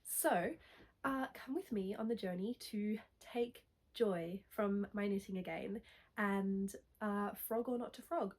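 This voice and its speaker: A woman's voice: mid-range voice, a little slow. Young woman, congested and nasal from a cold, casual rambling chat to camera. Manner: chatty, rambling with self-corrections. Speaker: knitting vlogger.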